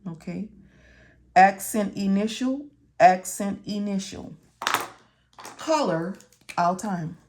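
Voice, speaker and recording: Woman instructor, unhurried, repetitive step-by-step lesson voice. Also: medium pitch, noisy background. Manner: slow, repetitive, talks to viewers as if they can answer. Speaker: medical coding instructor. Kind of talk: study walkthrough lesson.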